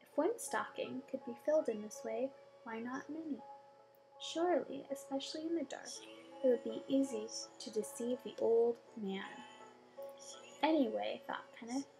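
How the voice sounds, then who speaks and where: A woman reading a bedtime story aloud with gentle expression and soft whispered asides. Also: a little high, poor audio.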